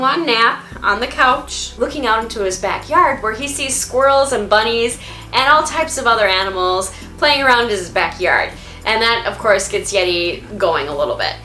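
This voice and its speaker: A woman's voice: a little high, expressive, normal speed, sharp tone. A woman hosting a casual vlog from home, chatting upbeat about her dog. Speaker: vlog host and dog owner. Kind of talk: casual vlog narration to camera. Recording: echoey room, faint music.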